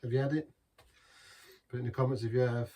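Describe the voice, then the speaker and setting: A man's voice: mid-range voice, level tone, quick pace, mellow, far from the mic. An English man hosting a casual beer review, rambling and waffling with chuckling asides. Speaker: beer reviewer, channel host.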